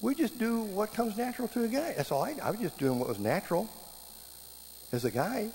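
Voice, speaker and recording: A middle-aged man giving a sermon, telling stories with lively quoted voices. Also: sits high, a little fast, creaky. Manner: animated storytelling, voices quoted speakers. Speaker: preacher teaching marriage classes. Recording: long hall reverb, faint background noise.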